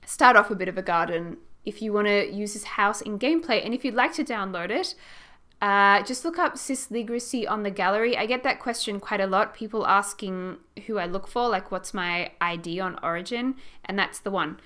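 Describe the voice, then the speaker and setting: Aussie girl chatting over her build, easygoing and giggly, normal middle pitch. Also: fairly bright tone. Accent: Australian. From Australia. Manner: chatty and rambling, laughs often. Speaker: gaming YouTuber. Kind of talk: casual build commentary.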